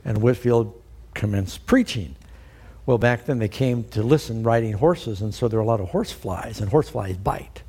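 A middle-aged man giving a sermon, telling stories in a relaxed, conversational way with frequent fillers. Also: fairly low pitch, moderate pace, husky. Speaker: preacher.

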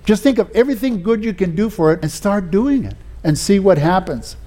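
Speaking quickly and expressively in a high, mellow voice, this man delivers a sermon full of homespun personal anecdotes. His storytelling is peppered with "you know"s and frequent restarts.

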